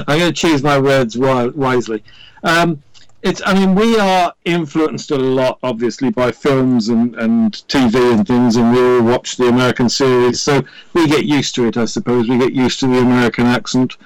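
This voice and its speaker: A man from Wales with a British accent, a radio presenter speaking as a guest over a remote line, pausing often with fillers and restarts. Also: medium pitch, smooth, no echo, rough recording. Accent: Welsh-influenced British English. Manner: hesitant, many fillers and restarts. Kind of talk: casual interview chat. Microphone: remote line to studio.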